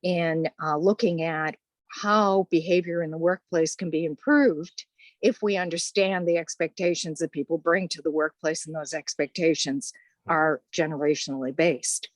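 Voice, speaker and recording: A woman's voice: deep voice, fairly even intonation, moderate pace, dry recording. An older woman with a Boston accent, a course instructor chatting through interview answers. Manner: chatty, conversational.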